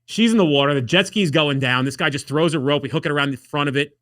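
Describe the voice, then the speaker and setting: This fast-talking man sits on the high side in pitch, and the clean studio audio carries no room sound. As a podcast guest he tells wild stories casually, swearing plenty and playing out other people's words.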